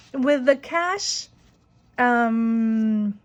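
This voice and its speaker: A woman in her forties chatting casually on a budgeting vlog, rambling and excited, with a lot of "like" fillers. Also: medium pitch, normal speed, highs cut off. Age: 40s. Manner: rambling and excited, heavy use of "like". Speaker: budgeting vlogger. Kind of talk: casual chat.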